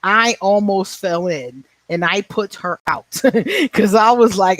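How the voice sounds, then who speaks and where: A man in his forties, his voice pitched high, chats on a livestream in a blunt, profane way, laughing often and thanking viewers by name. The sound is dry and close, with no room echo. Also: takes it slowly, fairly bright tone. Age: 40s. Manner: answers viewer comments by name. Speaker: livestream host. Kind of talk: casual livestream chat.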